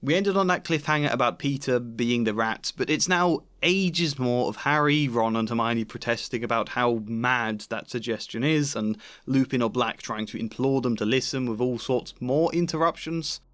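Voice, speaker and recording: A man's voice: mid-range voice, normal speed, hardly any pauses, a bit bright. Mildly exasperated male video essayist. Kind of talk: book critique commentary.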